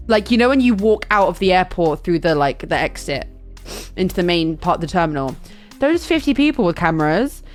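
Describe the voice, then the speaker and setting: A young woman streamer telling a chaotic travel story in casual chat, animated and full of fillers and restarts. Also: fairly low pitch.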